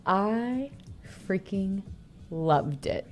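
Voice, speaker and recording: A woman's voice: mid-range voice, expressive, drawn-out words. Enthusiastic chatty woman co-host. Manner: enthusiastic, chatty, laughs easily. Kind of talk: casual movie discussion.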